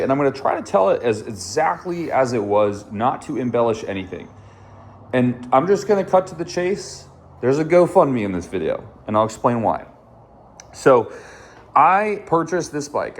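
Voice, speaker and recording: Regular guy on his moto channel talking straight to camera, swears a lot, says dude and bro. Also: mid-range voice. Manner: candid, swears often, addresses viewers as dude and bro. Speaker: motorcycle vlogger. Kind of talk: casual storytelling to camera.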